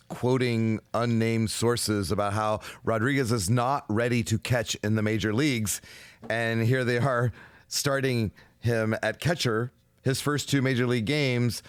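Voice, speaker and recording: A man co-hosting a casual sports podcast, laid-back and brief, often just chiming in to agree. His voice sits in a middle pitch, and the recording is dry and close. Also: clean tone, no echo. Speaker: podcast co-host.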